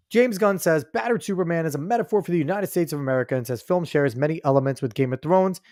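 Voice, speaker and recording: A man's voice: on the high side, no echo, clean studio sound. A man hosting a podcast, reading news articles aloud and breaking into heated, swearing, mocking rants. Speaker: podcast host. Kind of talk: ranting news commentary.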